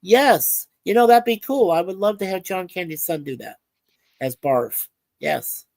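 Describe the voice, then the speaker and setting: A woman's voice: fairly low pitch, animated, unhurried, gravelly, darkish tone, dry recording. A woman co-hosting a livestream, chatting casually and reading viewer comments aloud with frequent filler words. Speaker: livestream co-host.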